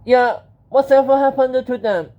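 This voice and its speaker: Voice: high voice, moderate pace, voice pushed up, lightly acted. A storybook reader voicing an eager old man who speaks up urgently, in a dull lo-fi recording.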